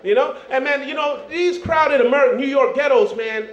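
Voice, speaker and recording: A man's voice: very high-pitched, normal speed, a crowd in the background. A Jamaican-born man doing a stand-up set on a club stage, loose and chatty, peppering lines with "man" and "you know". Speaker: stand-up comedian. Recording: roomy dull club recording.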